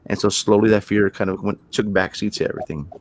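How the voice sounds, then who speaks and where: A man's voice: lowish voice, steady tone, fast, background noise. A man talking as a paranormal investigator guest, telling a long story in a casual, rambling way and often repeating words as he builds it up.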